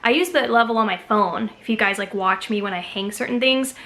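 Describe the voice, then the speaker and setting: A woman's voice: mid-range voice, brisk, pushed and bright. A woman from Texas chatting casually to camera as a haul vlogger, gushing enthusiastically over each find.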